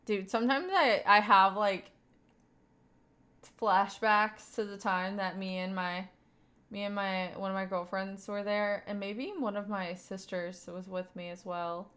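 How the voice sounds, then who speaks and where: A woman's voice: mid-range voice, fairly even intonation, measured pace, fairly bright tone. A young woman from Kentucky with a light Southern accent, chatting casually with her stream viewers and rambling with lots of fillers and laughs. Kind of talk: casual live-stream chat reading viewer messages.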